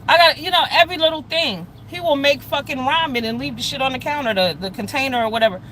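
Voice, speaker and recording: A woman talking bluntly and loudly with lots of swearing in a casual livestream rant, speaking straight to her chat. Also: high-pitched, quick pace, slight background noise, low-quality recording. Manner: blunt, loud and profane; addresses chat viewers directly. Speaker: live streamer.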